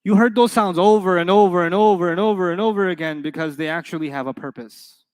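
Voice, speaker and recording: A man teaching an Arabic grammar class in a classroom, playful and animated, quizzing his students with quick questions. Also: sits high, smooth. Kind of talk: classroom lecture.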